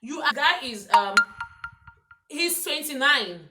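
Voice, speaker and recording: A young woman vlogger telling a story in a casual, exasperated, animated way. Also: high-pitched, takes it slowly, reverberant, soft background music. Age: young adult. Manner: animated, exasperated retelling with quoted voices.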